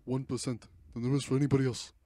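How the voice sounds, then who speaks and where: A teenage man putting on the voice of a gruff older male politician giving a stump speech. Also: medium pitch, little pitch movement, fast, warm tone, voice pushed up, natural voice. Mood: preachy.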